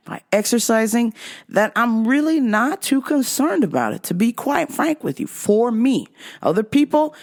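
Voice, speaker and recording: A woman host talking casually and bluntly to her audience, swearing freely and laughing at a caller. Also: medium pitch. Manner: slow, animated delivery. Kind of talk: casual vlog monologue.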